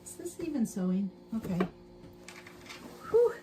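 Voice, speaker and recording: In noisy livestream audio with a sewing machine running, a woman speaks at a measured pace in a slightly high voice with big pitch swings. She's hosting a casual sewing stream, chatting to viewers, talking herself through each step and laughing often.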